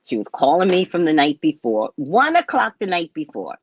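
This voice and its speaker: West indian lady psychic chatting about clients, voice jumps all over, bit husky, sounds dull and muffled. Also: moderate pace, dry recording. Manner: animated, acts out clients in loud high voices. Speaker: psychic, show host. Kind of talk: casual storytelling monologue.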